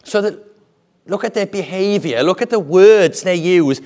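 A man preaching a sermon with an animated, deliberate delivery and dramatic pauses. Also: sits high.

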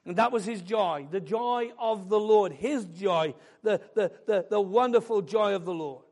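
A man preaching a sermon, building fervently into loud, emphatic declarations. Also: high voice, unhurried.

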